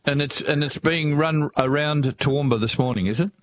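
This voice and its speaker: An Australian man hosting a radio show, chatting casually with a caller, jokey and relaxed. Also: fairly high pitch, normal speed, dry recording. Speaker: radio host.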